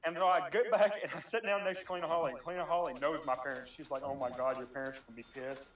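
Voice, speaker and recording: A young man telling a rambling story among friends in a casual chat, animated and swearing, often laughing. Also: a little high, very fast. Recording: echoey room, distant mic.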